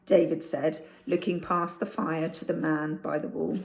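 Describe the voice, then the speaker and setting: A woman's voice: low voice, fairly even intonation, measured pace, gravelly, a little mellow. A woman teacher reading a chapter of a storybook aloud to her class. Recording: roomy echo.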